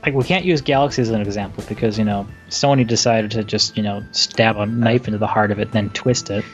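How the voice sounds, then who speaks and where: A man's voice: fairly low pitch, fast talker, lo-fi sound, soft background music. A man hosting a podcast in casual chat, joking and teasing his co-host.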